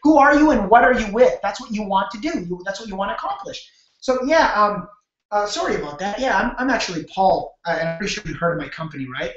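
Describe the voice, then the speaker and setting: Fast and lively, a man with a high, slightly bright voice hosts a live sales-training webinar on a video call. He talks casually, restarts many times, and acts out scenes at the door step from his home room. The audio comes through a computer mic and sounds echoey and dull.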